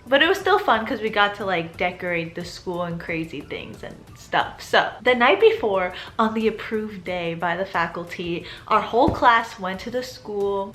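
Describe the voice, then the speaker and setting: Bright giggly girl in her 20s doing a storytime vlog, says like a lot. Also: mid-range voice. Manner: chatty, giggly, lots of "like" fillers. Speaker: vlogger. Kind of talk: casual storytime.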